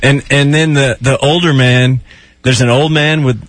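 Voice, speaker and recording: A man's voice: mid-range voice, normal speed, dry recording. A man co-hosting a radio show, telling an anecdote with lots of feeling in casual chat. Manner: animated, emotional storyteller. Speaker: radio co-host.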